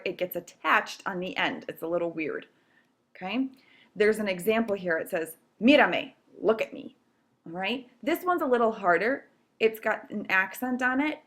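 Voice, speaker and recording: A woman's voice: medium pitch, a bit bright. A woman teacher explaining grammar rules step by step in a recorded video lesson, patient and checking in with "okay?" often. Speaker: Spanish teacher.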